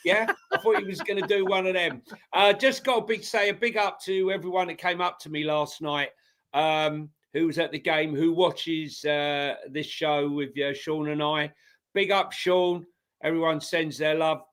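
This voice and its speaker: A man's voice: a little high, steady tone, normal speed, a bit bright, smooth. A middle-aged man co-hosting a football podcast, telling stories with lots of ums and uhs. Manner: storytelling, lots of fillers. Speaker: podcast co-host. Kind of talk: casual football chat.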